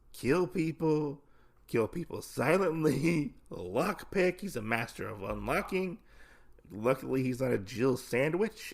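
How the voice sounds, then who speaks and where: Male podcast host, casual recap, rambling and jokey, mid-pitched. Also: creaky. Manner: rambling, self-correcting, jokey.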